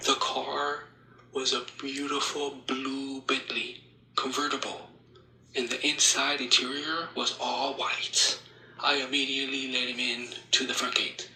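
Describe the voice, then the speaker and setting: A man doing an open-mic stand-up set, talking in a slow, deadpan way and laughing at his own jokes. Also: mid-range voice. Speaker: stand-up comedian. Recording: echoey room with loud ambient noise.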